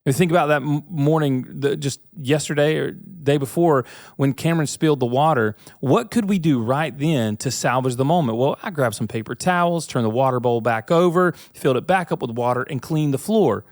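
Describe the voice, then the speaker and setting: A man's voice: mid-range voice, normal speed, a little mellow, dry recording, studio quality. A man in his thirties hosting a faith and leadership podcast, talking to listeners in an earnest, conversational way and asking them questions. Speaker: podcast host. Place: studio suite with bookshelves.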